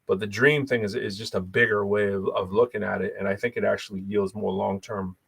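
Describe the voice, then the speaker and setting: A man from Boston with a light Boston accent, co-hosting a podcast in casual chat, telling rambling, animated stories full of restarts. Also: on the low side, fairly quick, gravelly, breathy edge, no room sound. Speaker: podcast co-host.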